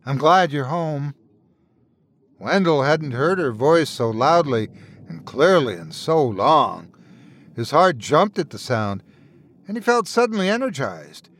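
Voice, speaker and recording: Man, storyteller, scripted narration, lively melodic delivery. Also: on the high side, unhurried.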